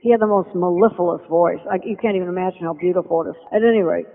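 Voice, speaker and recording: An older woman telling stories as a podcast guest, animated and acting out the voices of people she quotes. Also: lowish voice, fast, creaky. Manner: animated storyteller who acts out quoted speech. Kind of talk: reminiscing interview storytelling. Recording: tinny phone line with long reverb.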